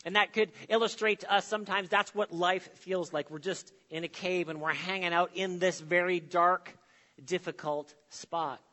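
A man preaching a sermon with emphatic phrasing, dramatic pauses and sudden drops to a soft voice. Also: high voice, steady tone, big-room sound. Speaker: pastor.

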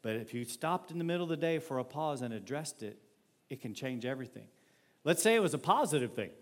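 A male pastor preaching a sermon in a conversational, animated way, acting out everyday scenes. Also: mid-range voice, quick pace.

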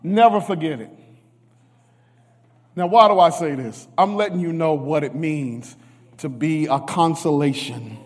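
A man preaching a sermon, emotional, moving from hushed tones to shouts. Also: a little high, measured pace, long pauses. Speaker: guest preacher. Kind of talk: sermon with testimony. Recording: reverberant church hall.

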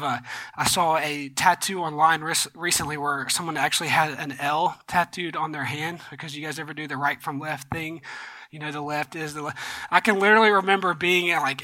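A young man delivers a sermon with a bright, high voice. He talks casually, full of "like" and restarts, and drifts into personal stories. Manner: storytelling, conversational with many fillers. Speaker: pastor.

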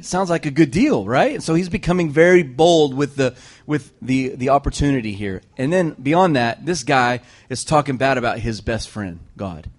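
A man preaching to a congregation, retelling a scripture story with lively joking asides. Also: medium pitch, normal speed.

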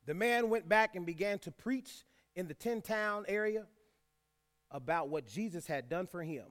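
A man's voice: sits high, lively intonation, normal speed, fairly bright tone. A man preaching a sermon, reading scripture aloud and repeating key lines for emphasis, with folksy asides to the congregation. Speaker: pastor.

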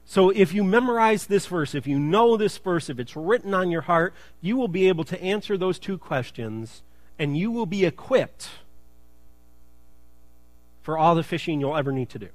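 Man pastor mid-sermon, fairly high voice, dry close sound, casual asides and emphatic refrains. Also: lively intonation, normal speed, no room sound. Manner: conversational and joking, then emphatic. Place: church.

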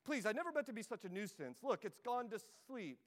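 A man's voice: high-pitched, sing-song, a little fast, voice pushed up. A man reading aloud as a dithering male ghost who hedges and makes polite excuses, with a long hall reverb behind him. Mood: evasive. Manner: hedging, evasive, politely flustered.

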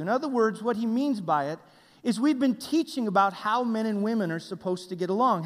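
A man pastor giving a conversational sermon, halting often with fillers and restarts. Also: high voice. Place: church sanctuary. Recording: church hall with long reverb.

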